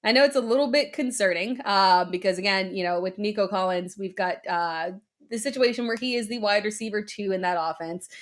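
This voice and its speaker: A woman's voice: mid-range voice, brisk. A woman hosting a live stream segment, upbeat as she talks through viewer questions. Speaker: show host answering questions.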